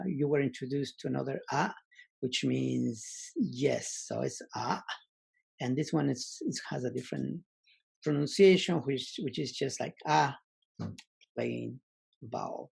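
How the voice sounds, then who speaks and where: A man teaching a language lesson online, slowly repeating example words and pausing with many fillers. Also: medium pitch, gravelly, darkish tone, breathy edge.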